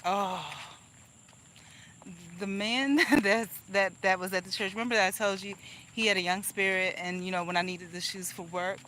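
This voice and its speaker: Brief: angry woman vlogger, lowish pitch, rambling rant, faint outdoor noise with crickets. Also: flat delivery, fast talker, sharp tone, poor audio. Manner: venting, rambling with restarts and laughs. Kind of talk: casual vlog monologue.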